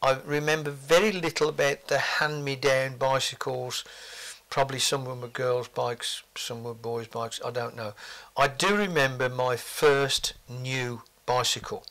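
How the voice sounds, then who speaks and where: A man's voice: medium pitch, steady tone, measured pace, fairly bright tone. An older man, reminiscing forthrightly in an interview with blunt asides.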